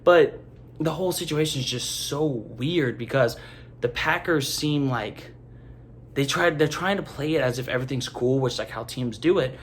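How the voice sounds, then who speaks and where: A young man hosts a casual sports opinion segment, rambling and animated, with "like" in almost every sentence. His voice sits at an ordinary middle pitch. A faint hiss of noise runs under the recording. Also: moderate pace. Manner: rambling, animated, heavy use of "like". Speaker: sports commentary host.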